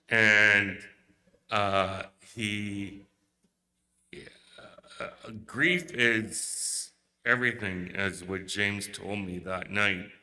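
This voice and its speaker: Slow, halting man in a reverberant hall. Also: fairly low pitch, little pitch movement, bright, forceful tone. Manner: hesitant, emotional, many pauses and fillers. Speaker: eulogy speaker. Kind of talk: halting memorial speech. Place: memorial service hall.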